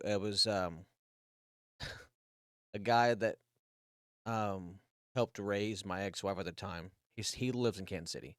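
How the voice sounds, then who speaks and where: A man's voice: on the low side, slow, pauses often, a bit bright, no echo, clean studio sound. A man in his thirties, a podcast co-host, telling a long personal story in a rambling, casual way, swearing freely and restarting his sentences often.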